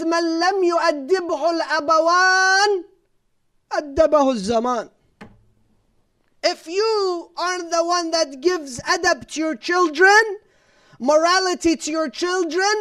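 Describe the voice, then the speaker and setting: Male preacher, very high voice, conversational sermon, rhetorical questions, Arabic religious terms. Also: pushed and bright. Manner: repeats "no, no, no" for emphasis. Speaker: Islamic preacher. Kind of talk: sermon lecture.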